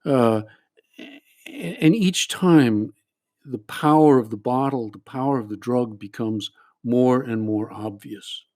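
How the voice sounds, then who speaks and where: A man's voice: medium pitch, takes it slowly, darkish tone. A male priest and counselor explaining a group therapy exercise. He speaks earnestly, restarts his phrases often, and keeps checking in with "all right?".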